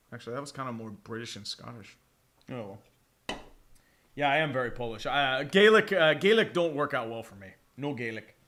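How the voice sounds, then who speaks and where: A man calling a football game play-by-play on a live fan stream, excitable and profane, chatting with his viewers between plays. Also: mid-range voice, fairly quick. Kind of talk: live watch-along commentary.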